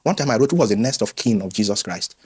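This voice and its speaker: A man, a former pastor, telling his story candidly in an interview with lively quoted voices. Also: on the low side, fast talker, husky. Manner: animated storytelling, acts out quoted voices, frequent restarts.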